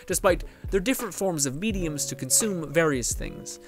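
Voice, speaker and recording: A man's voice: a little high, expressive, normal speed. A man and streamer in a casual monologue, rambling and swearing as he gets heated, often mimicking other people's lines. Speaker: streamer talking to viewers. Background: faint background music.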